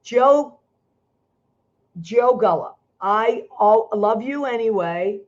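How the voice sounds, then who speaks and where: Slow and expressive, with a voice on the higher side, this Italian-American talk show host gushes emotionally and keeps restarting sentences. She's speaking over a video call, and the audio is dull and lo-fi.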